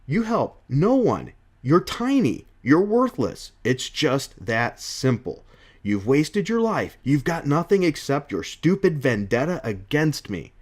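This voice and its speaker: A man's voice: mid-range voice, sing-song, measured pace. A man reading out a young male superhero's comic lines, raised and emphatic. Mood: cutting. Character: young male superhero, joking yet earnest.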